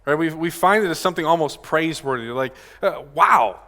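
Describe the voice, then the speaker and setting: A man's voice: a little high, fast, fairly bright tone. Casual-talking male pastor, reverberant church. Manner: casual, direct, asks the congregation questions. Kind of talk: conversational sermon. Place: church sanctuary. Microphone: microphone at a pulpit.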